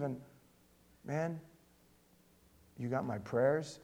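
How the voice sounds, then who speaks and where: A male pastor delivering a sermon, direct and conversational, swinging between loud emphatic reading and quiet, intimate asides. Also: fairly high pitch, animated, a little slow, pauses often.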